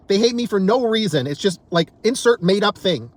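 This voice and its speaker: A man's voice: sits high, expressive, normal speed. A man delivering an angry, exasperated political rant to camera, swearing often and tripping over repeated words as he gets worked up. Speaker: political commentator.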